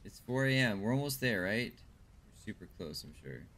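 A man's voice: fairly low pitch, animated, normal speed, a bit bright. A man casually commenting while he plays a video game and chats with viewers, thinking aloud as he goes. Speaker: streamer.

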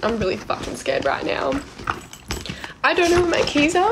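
A frightened young woman livestreams from her home at night, chatting in a very high-pitched, very animated voice at normal speed with long pauses. She sounds breathless and jittery, drops to whispers, swears often, and is close to tears. The room is echoey, with noticeable background noise.

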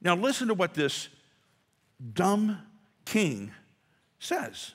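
A pastor delivering a sermon in a conversational way, building to emphatic rhetorical questions. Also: male voice, high-pitched, huge pitch swings, slow pace, long pauses, husky. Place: church sanctuary. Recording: long hall reverb.

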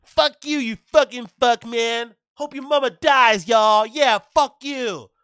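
A man putting on a loud, foul-mouthed young male online gamer trash-talking in a shouting, mocking voice. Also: slow pace, clean tone, no room sound, clean studio sound, exaggerated voice. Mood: mocking rage. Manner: shouting, mocking, high-pitched.

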